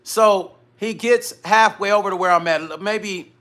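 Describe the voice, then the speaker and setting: A middle-aged man's voice sits high and bright as he hosts his own live stream. He tells the story casually and animatedly, acting out what people said and swearing freely. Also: measured pace. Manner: animated retelling that acts out dialogue, with frequent profanity. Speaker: musician hosting his own live vlog.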